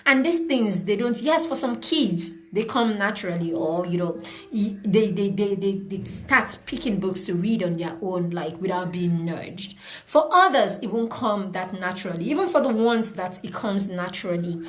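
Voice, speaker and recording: A woman's voice: mid-range voice, lively intonation, moderate pace. Woman, online class host on a video call, chatty and repetitive. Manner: chatty, greets viewers by name, repeats words. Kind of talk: live online class wrap-up.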